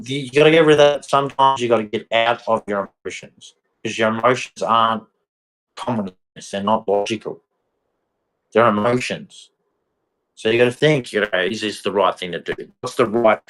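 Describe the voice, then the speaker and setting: Casting: man, low-ish voice, blunt rambling vlog rant. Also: normal speed, rough recording. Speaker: vlogger. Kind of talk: casual ranting monologue.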